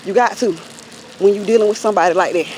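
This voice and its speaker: A woman's voice: mid-range voice, quick pace, a little mellow, a little hiss or hum. A woman vlogger telling a story in a casual, chatty way and talking straight to her viewers while out on a walk. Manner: chatty, addresses viewers directly. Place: outdoors while out walking.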